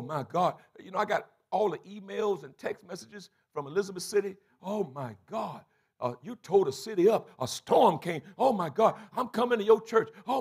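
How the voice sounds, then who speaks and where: A man preaching a sermon as bishop of his church, building to shouted climaxes, calling out to the congregation and acting out quoted voices. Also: high voice, slightly rough. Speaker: bishop and pastor. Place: church sanctuary.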